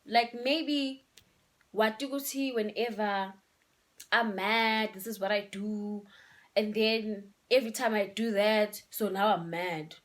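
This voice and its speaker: A young vlogger from Eswatini gives relationship advice in a casual, emphatic style, dropping in local words as she goes. Her medium-pitched voice stays steady in tone, and she takes her time.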